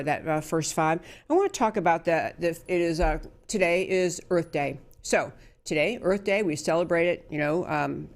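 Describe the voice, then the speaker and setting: Emphatic woman hosting a political talk show. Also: on the low side. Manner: emphatic, with frequent restarts and fillers. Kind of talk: conservative political commentary.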